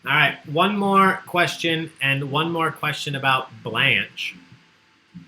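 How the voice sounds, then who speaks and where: Bright-voiced chatty trivia host man. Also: fairly high pitch, takes it slowly, poor audio. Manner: chatty, joking, reads out answer lists. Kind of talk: casual livestream trivia hosting.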